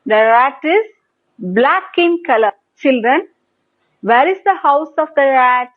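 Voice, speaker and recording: On a TV program, a woman with an Indian English accent teaches young children English, prompting them to repeat words in a slow, sing-song manner and praising them again and again. Her voice sits high and animated, and the broadcast audio sounds tinny and phone-like.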